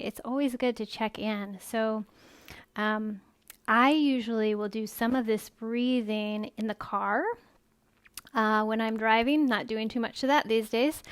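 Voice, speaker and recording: A woman yoga instructor gently guiding a live-streamed class in a chatty, easygoing way. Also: on the high side, smooth, no echo. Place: home room, phone camera set far off. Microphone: phone far across the room.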